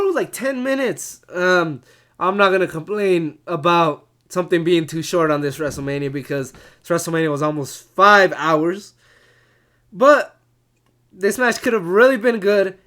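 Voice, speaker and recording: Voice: mid-range voice, fairly bright tone. A casual reviewer ranting in an exasperated way, laughing often and swearing freely. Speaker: wrestling show reviewer.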